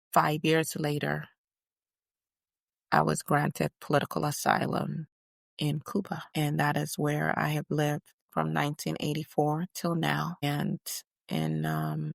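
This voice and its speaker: A defiant older activist, played by a woman, recalls her prison years in a dramatized interview. Her voice is gravelly and sits low, and she tells it in an emphatic, measured way. The sound is close and dry. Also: dry recording, full character voice. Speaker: guest portrayed in interview. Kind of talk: first-person dramatized interview.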